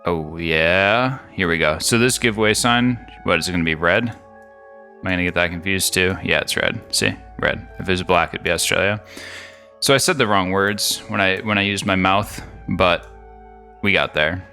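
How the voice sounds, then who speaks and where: A man hosting a game video, chatting casually and thinking out loud in a rambling, jokey way. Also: low-pitched, moderate pace, faint music behind. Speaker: gaming video host.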